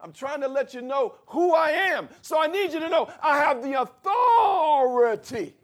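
A man's voice: very high-pitched, very animated, a little slow, pitched above the performer's own voice, heavily acted. A preacher speaking as Jesus, patient and sure of his authority. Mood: earnest. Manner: earnest, explaining himself directly. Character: Jesus, grown man, patient authoritative teacher.

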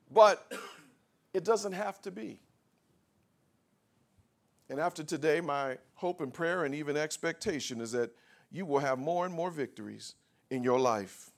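A man's voice: on the high side, animated, unhurried, creaky, pauses often. Emphatic male preacher, sermon. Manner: emphatic preacher, swelling to shouts on scripture. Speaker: pastor. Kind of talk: sermon with call and response. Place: church before a congregation.

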